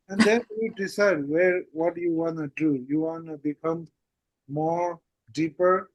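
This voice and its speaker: A man teaches a language lesson, his voice sitting high and his pace unhurried. He keeps coming back to the same little phrases as he explains. The sound is dry and close. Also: no room sound, muffled recording. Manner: repeats "that's it" and "how goes it". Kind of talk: casual online language lesson.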